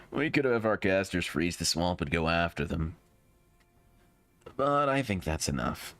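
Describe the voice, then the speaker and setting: A man's voice: low voice, no echo. A man reading a soldier's battle report.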